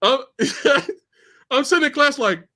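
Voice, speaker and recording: A man in his forties telling a story casually on a live stream, laughing loudly and mimicking people in a slow, low voice. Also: animated.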